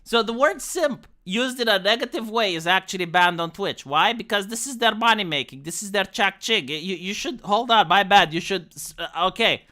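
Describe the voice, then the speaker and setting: A woman's voice: medium pitch, lively intonation, moderate pace, few pauses, sharp tone. A young woman streamer giving blunt, sweary casual commentary with lots of restarts, from Romania.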